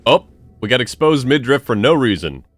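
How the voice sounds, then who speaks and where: A man's voice: medium pitch, sing-song, moderate pace, dry recording, soft background music. A man from Ireland casually commentating a game he plays, making playful, jokey asides and reading game text aloud. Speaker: let's play gamer.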